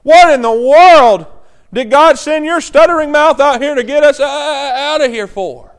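Man putting on a shrill whiny Israelite grumbler. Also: unhurried.

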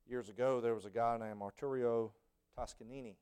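Preacher man, smooth and clear, spins sermon stories, quiet then loud. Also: mid-range voice, fairly even intonation, fairly quick. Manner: storytelling, swings from hushed to shouting.

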